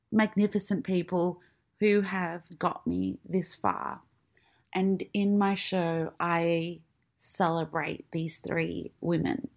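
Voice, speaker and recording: A woman speaking in an earnest, emotional personal monologue with dramatic pauses, sometimes close to tears. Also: medium pitch, gravelly, darkish tone. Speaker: podcast host and comedian.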